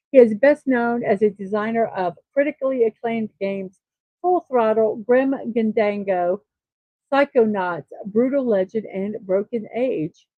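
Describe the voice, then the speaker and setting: A chatty woman hosts a casual morning show, reading birthday lists with self-deprecating asides. Her voice sits a bit high. The sound is dry and a little dull, like a lo-fi home recording. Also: no echo. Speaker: host of a daily morning show. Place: East Coast of the United States.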